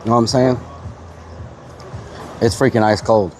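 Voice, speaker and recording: A man's voice: mid-range voice, steady tone, moderate pace, darkish tone, soft background music. A man live-streaming outdoors in the heat, chatting playfully to his viewers and talking with his mouth full. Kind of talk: casual live-stream chat.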